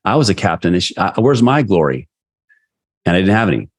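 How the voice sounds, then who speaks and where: A middle-aged man with a very low voice tells a personal story as a podcast guest. He is animated and drops into the voices of the people he quotes. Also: fairly quick. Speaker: guest, sales leader and coach.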